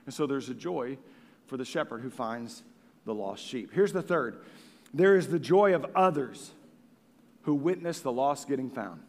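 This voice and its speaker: A man, likely in his thirties, preaching a sermon as pastor in a folksy, animated way that sometimes sinks to a hush. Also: mid-range voice, a little slow. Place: church sanctuary. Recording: long hall reverb.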